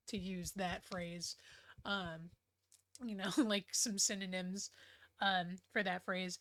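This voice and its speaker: A woman casually recapping a book she loves, rambling and excitable, with lots of fillers and the odd swear word. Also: medium pitch. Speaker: book reviewer.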